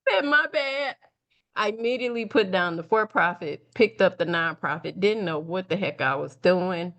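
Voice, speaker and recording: A woman's voice: fairly low pitch, moderate pace. A middle-aged woman from Detroit telling her story as an interview guest, acting out the voices of people she quotes and laughing easily. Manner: animated, acts out quoted dialogue, laughs easily. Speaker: guest, nonprofit founder and speaker. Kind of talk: conversational storytelling.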